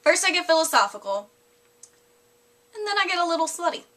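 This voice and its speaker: A young woman putting on a doting grandmother in her seventies or eighties, soft and a touch lower than a bright voice would sit. She talks in a gentle, sugary way, then lands crude remarks without changing her tone. The voice stays fairly high and clear throughout. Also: sing-song, fairly quick, heavily acted. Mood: sweetly blunt. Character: elderly grandmother, sweet-voiced but bluntly crude.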